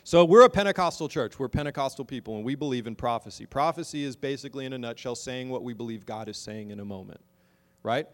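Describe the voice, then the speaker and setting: A man preaching a sermon to his congregation, moving from wry, conversational asides to loud, slow, emphatic exhortation. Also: mid-range voice, long reverb tail. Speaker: pastor.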